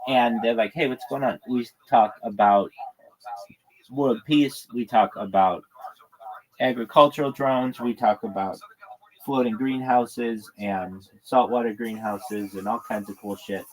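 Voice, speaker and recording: A man's voice: mid-range voice, a little slow, rough recording. A man telling a rambling, profanity-laced story in a casual livestream monologue.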